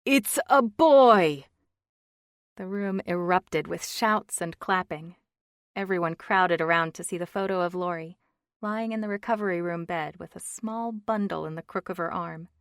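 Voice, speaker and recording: A woman narrating an audiobook in a measured manner, lightly voicing the characters, on a close studio mic. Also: on the low side, fairly even intonation, fairly bright tone, dry recording. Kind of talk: scripted narration.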